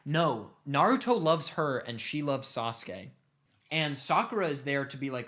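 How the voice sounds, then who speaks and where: A young man casually retelling a long story to his family, animated and cursing offhandedly. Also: mid-range voice, normal speed. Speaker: streamer host.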